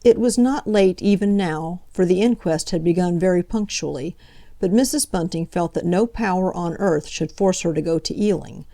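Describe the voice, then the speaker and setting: This is an audiobook of a classic novel, narrated by a woman at a fairly low pitch. She keeps an even, deliberate pace throughout.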